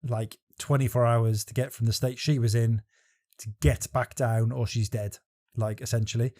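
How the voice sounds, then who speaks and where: A young man co-hosting a podcast, telling a story in casual, profane, animated chat. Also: medium pitch. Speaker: podcast co-host.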